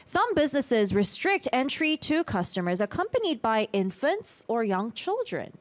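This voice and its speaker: An upbeat woman hosts a quiz game. Her voice sits a little high and swings widely up and down. She laughs between her clear, teacherly explanations. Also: very animated, moderate pace. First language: Korean. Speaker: quiz host. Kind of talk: hosting a language quiz game.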